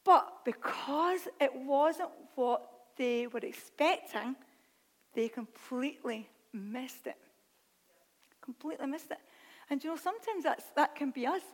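A woman preacher giving an excitable sermon, reading scripture and breaking into chatty, self-mocking asides. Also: sits high, unhurried, long reverb tail.

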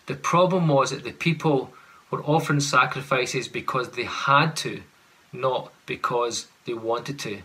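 A man's voice: mid-range voice, sharp tone. A man preaching a sermon, earnest and full of rhetorical questions, at times acting out sarcastic paraphrases.

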